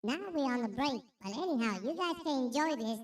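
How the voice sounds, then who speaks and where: A man using a voice changer to sound high and squeaky, making exaggerated whiny outbursts. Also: expressive, fairly quick, echoey room, recorded from a distance. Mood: exasperated. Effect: voice changer, high-pitched.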